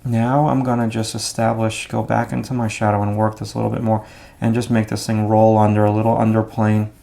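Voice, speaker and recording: A man explaining his drawing steps out loud as he works, in a relaxed, thinking-aloud way. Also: fairly low pitch, fairly quick, gravelly. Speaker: art instructor. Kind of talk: drawing demonstration.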